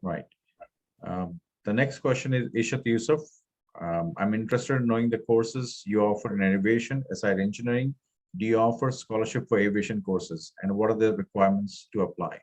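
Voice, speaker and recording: Low-voiced man moderating an online session. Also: fairly quick, a little mellow, rough recording. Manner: polite, hesitant with ums. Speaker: webinar moderator. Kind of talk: reading audience questions. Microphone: video call.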